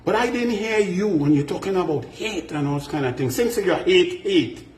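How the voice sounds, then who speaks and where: Trinidadian guy ranting about politics, kinda high voice, firing questions at the person he's calling out, echoey room. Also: expressive, brisk, darkish tone, a little hiss or hum. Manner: combative, addresses his target directly with repeated rhetorical questions. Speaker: political commentator. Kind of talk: direct-to-camera political rant.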